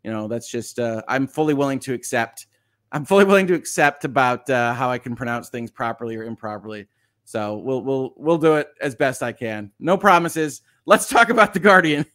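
A man hosts a live news stream, mixing commentary with replies to viewers' chat. He talks in a halting, easygoing way, restarting sentences and chuckling often. His voice is mid-pitched and the sound is dry, with no room around it. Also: lively intonation, fairly bright tone, dry recording. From United States. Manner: hesitant, many fillers and restarts, chuckles often.

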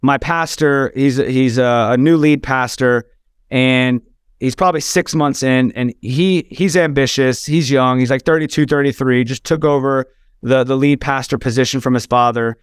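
A man's voice: medium pitch, steady tone, moderate pace, smooth, dry recording, clean studio sound. A man telling an emotional personal story as a podcast guest, earnest, with frequent restarts.

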